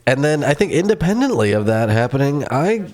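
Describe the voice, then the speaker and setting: A man's voice: medium pitch, big pitch swings, a little fast, darkish tone. Laid-back man chatting while gaming. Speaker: podcast co-host. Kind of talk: casual gaming chat.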